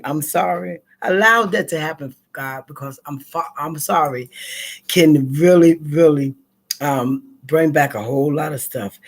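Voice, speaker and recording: Husky woman chatting to camera. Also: low voice. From North Carolina, USA. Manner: chatty and expressive, laughs often, repeats herself while finding words. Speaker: vlogger. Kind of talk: casual talk to camera, opening with a spoken prayer.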